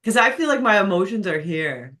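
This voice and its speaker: Her voice sits in the mid-range, bright and sing-song, and she talks a little fast. She's a podcast host in a casual interview, frank and excited, and quick to laugh.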